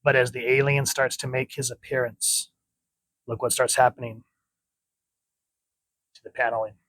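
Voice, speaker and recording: A man's voice: medium pitch, little pitch movement, normal speed, a bit bright, dry recording, rough recording. Chatty man reviewing comics, dry sound. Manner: enthusiastic, chatty, points out details. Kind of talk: casual comic review with dramatic reading.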